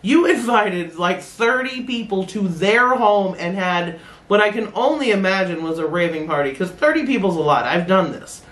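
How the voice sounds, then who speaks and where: A woman's voice: mid-range voice, lively intonation, normal speed, fairly bright tone. A middle-aged woman hosting a casual reaction video, blunt and laughing, swearing freely as she comments. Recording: roomy echoey room.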